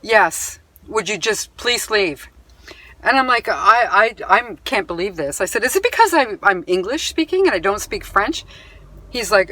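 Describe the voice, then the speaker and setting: A woman's voice: mid-range voice, animated, normal speed, pushed and bright, no room sound. Indignant woman venting, dry close sound. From Canada. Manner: indignant, emphatic retelling with sighs; reads items off a bill. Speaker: vlogger. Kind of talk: upset personal account to camera.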